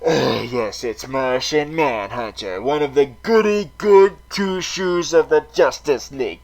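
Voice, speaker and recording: Theatrical, high-pitched male vlogger. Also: measured pace, few pauses, darkish tone, low-quality recording. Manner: melodramatic, swearing, theatrical. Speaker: vlog host in villain persona. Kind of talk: comedic TV recap rant.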